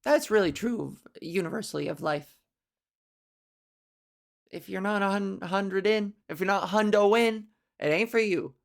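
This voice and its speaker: A woman's voice: medium pitch, normal speed, vocal fry. A woman comedian hosting a solo podcast, talking in a blunt, profane, riffing way. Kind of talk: casual solo podcast monologue.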